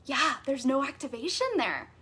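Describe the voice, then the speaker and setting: High-pitched, bubbly woman coach; enthusiastic live-class teacher. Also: very animated, normal speed, sharp tone, husky. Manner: bubbly and enthusiastic, reads out chat comments. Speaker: business coach.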